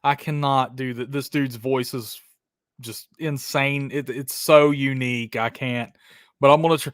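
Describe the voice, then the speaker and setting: A man's voice: a little high, normal speed, a bit bright, no echo, studio quality. A man hosting a live horror trivia stream, hyped and chatty, calling viewers brother and dude.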